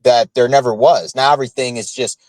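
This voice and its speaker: Rambling man, halting with fillers. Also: mid-range voice, fairly even intonation, a little mellow, dry recording, rough recording. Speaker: podcast co-host. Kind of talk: casual chat.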